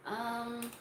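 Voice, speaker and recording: Young woman streamer, loose chatty delivery, phone on a tripod, roomy echo. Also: a little high. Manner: chatty and rambling, many fillers. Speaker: YouTube streamer answering viewer questions. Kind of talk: casual livestream Q&A. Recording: echoey room, faint noise.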